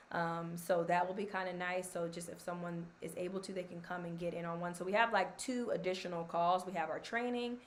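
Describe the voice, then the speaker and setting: A woman's voice: fairly low pitch, slight background noise. A woman hosting a casual live stream, chatty and encouraging. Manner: chatty, filler-heavy, encouraging. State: scratchy voice from allergies.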